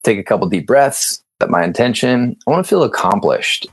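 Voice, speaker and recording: A man telling lively stories as a podcast guest, acting out the dialogue and laughing often. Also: mid-range voice, brisk, slightly rough, dry recording. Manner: animated storyteller, acts out dialogue, laughs often. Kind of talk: casual interview chat.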